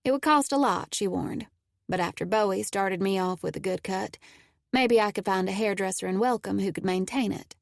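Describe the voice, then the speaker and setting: A woman narrates a first-person audiobook in a steady, intimate way. Her voice has a noticeably gravelly texture at mid pitch, and the recording is dry and close with no room sound. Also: normal speed, dry recording.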